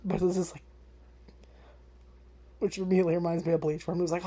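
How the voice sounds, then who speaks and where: Mellow-voiced woman rambling about anime. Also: fairly low pitch, flat delivery, fast talker, breathy edge. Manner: rambling, swears freely, many fillers. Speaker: anime vlogger. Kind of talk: casual first-impressions chat.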